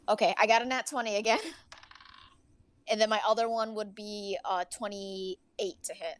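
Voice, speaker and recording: A woman's voice: mid-range voice, steady tone, moderate pace, smooth. A young woman playing in a tabletop game, talking casually with lots of "like". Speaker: player.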